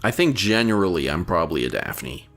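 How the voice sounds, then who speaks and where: A man's voice: deep voice, big pitch swings, brisk, fairly bright tone, soft background music. A young man co-hosting a podcast in casual chat, sardonic and crude, often stumbling over his words. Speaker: podcast co-host.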